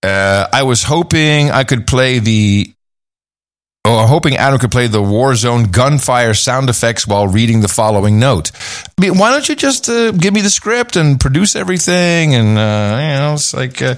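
A man's voice: medium pitch, big pitch swings. A man co-hosting a podcast, chatting casually and joking as he reads out listener donation notes. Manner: joking, laughs often, quick asides. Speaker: podcast co-host.

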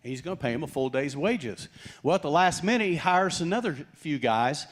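Slightly high-voiced and fairly quick, a pastor preaches while kidding around with his listeners. His delivery is lively and comic, and he performs the quotes of each character in the story.

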